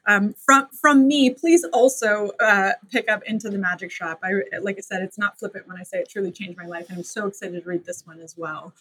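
A woman hosting a podcast interview, effusive and quick to laugh. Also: mid-range voice, slightly rough, poor audio. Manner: warm, effusive, laughs often. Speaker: podcast host.

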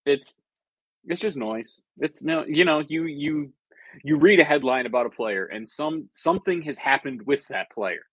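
A man's voice: on the high side, normal speed, fairly bright tone, husky, dry recording. A man co-hosting a podcast, laid-back and joking, stammering over restarts. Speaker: podcast co-host. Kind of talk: casual podcast chat.

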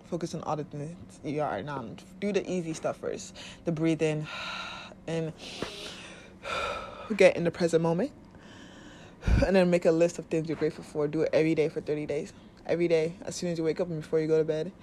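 A woman's voice: deep voice, steady tone, brisk, pauses often, mellow, slight background noise. Blunt, foul-mouthed woman giving advice. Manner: blunt and profane, with frequent laughs; acts out quoted voices of body and soul. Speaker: spiritual self-help speaker. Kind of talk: casual advice monologue.

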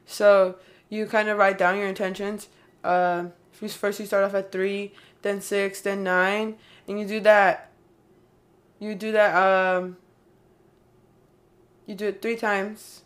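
A woman's voice: medium pitch, little pitch movement, takes it slowly, long pauses. Young adult woman, mid-range voice, loose rambling chat delivery full of fillers. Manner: rambling, heavy use of "like" and "um". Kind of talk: casual chat.

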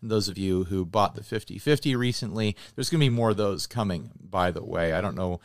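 A man co-hosting a podcast, chatting in a relaxed, rambling way and thanking listeners. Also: low-pitched, fairly quick, no echo, clean studio sound. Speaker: podcast co-host. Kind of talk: casual chat.

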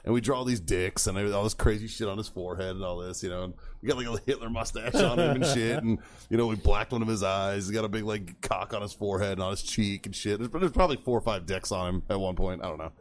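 A man's voice: lowish voice, fast, few pauses. A man telling stories in a casual podcast chat, swearing freely and laughing as he goes. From Texas. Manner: profane, laughs often while telling stories.

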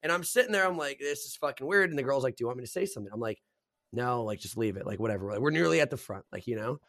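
A man's voice: medium pitch, rapid-fire, no echo, clean studio sound. A young man hosting a casual podcast chat, telling rambling stories full of swearing and "bro". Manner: swears a lot, says "bro" and "dude"; rambling animated storyteller.

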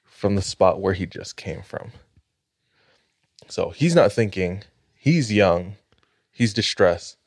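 A man hosting a podcast, telling a spooky story in a measured, suspenseful way. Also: low-pitched, expressive, no room sound, clean studio sound. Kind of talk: casual storytelling.

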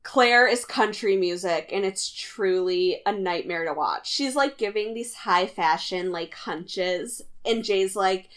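Blunt young woman with quick quips. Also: medium pitch, fairly bright tone. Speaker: podcast co-host. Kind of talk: casual chat recapping a TV show.

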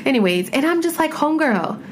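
A woman in her thirties chatting casually at home as a podcast host, rambling and expressive, with heavy swearing and filler words. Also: medium pitch, a little hiss or hum. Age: 30s. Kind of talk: casual chat. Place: home room with pets.

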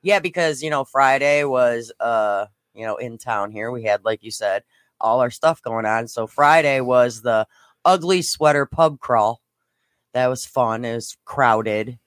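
A woman co-hosting a casual podcast, quick and sassy in her banter. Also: a bass voice, no echo. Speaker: podcast co-host. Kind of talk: casual crude chat.

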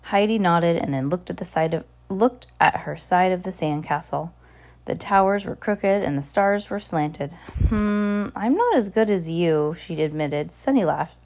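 A woman reading a children's chapter book aloud with expressive, animated storytelling. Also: lowish voice, moderate pace, creaky. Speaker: storybook reader.

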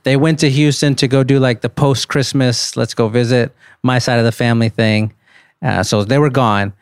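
A man with a middle-pitched voice tells a casual story as a podcast guest, recorded dry and close. He builds suspense and climbs into high-pitched disbelief. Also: normal speed, clear, resonant tone, no echo. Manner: animated storyteller, rises into disbelief.

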